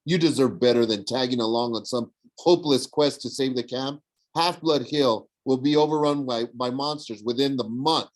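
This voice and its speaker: A man's voice: mid-range voice, normal speed, natural voice, rough recording. A man voicing a smug, sneering young villain who mocks and tempts. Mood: mocking. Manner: sneering, mocking. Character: smug young male villain, mocking and persuasive.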